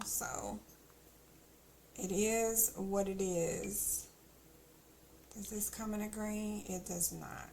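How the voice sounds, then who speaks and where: Slow, gravelly woman streamer. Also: medium pitch, steady tone, darkish tone, slight background noise. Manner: chatty, thinking aloud, teasing asides. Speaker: game streamer. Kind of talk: casual gameplay commentary.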